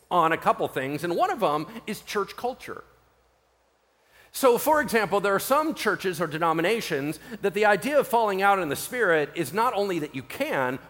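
A man preaching a sermon as pastor, animated and conversational, often acting out what people say. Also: high-pitched, big-room sound. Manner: animated, conversational, acts out quoted voices.

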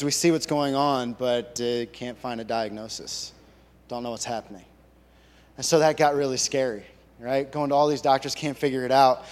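A man, a church elder, giving a halting, earnest personal testimony to his congregation. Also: mid-range voice. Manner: halting, earnest storytelling with many restarts. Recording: long reverb of a large hall.

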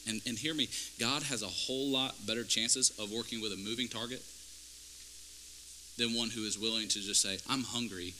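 Bright-voiced fervent preacher man. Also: on the low side, fairly even intonation, moderate pace, a little hiss or hum, poor audio. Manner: conversational, building to fervent emphasis. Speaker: pastor. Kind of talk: sermon. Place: church.

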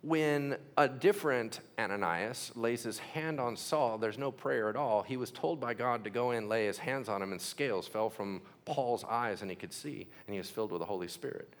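A man's voice: medium pitch, moderate pace, few pauses. A man preaching a sermon, telling the stories animatedly with sound effects and acted-out quotes.

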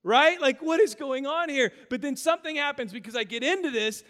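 A man in his thirties preaching a sermon in a church auditorium, telling stories in an animated way with self-deprecating humor. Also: very high-pitched, brisk, in a large hall. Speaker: pastor.

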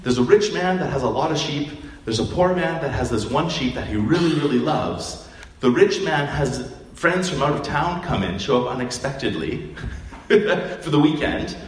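A man preaching a sermon in a conversational, animated storytelling manner, acting out quotes. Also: a little high, moderate pace. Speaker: pastor. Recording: roomy hall, distant mic, faint ambience.

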